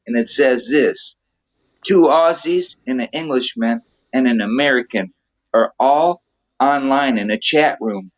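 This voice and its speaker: A man's voice: mid-range voice, poor audio. Easygoing man in online chat. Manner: easygoing, reads a joke aloud. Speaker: podcast co-host.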